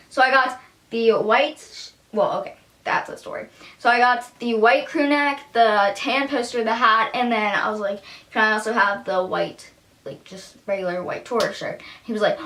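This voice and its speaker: A teenage girl narrates a story in a chatty vlog, speaking a little fast in a high-ish, fairly bright voice. "Like" fills her sentences, and she acts out other people's words as she goes.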